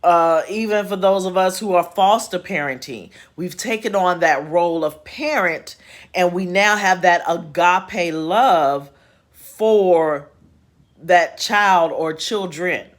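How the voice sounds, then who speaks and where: A woman's voice: on the low side, slow pace. A woman hosting a casual spiritual chat from home, folksy and chatty with laughing asides. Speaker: host. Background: home repair noise.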